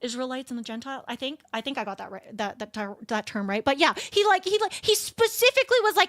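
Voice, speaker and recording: Rambling high-voiced woman streamer. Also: animated, fast, few pauses, fairly bright tone, no room sound, studio quality. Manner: rambling, swearing, laughing, frequent restarts. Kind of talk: casual streaming chat.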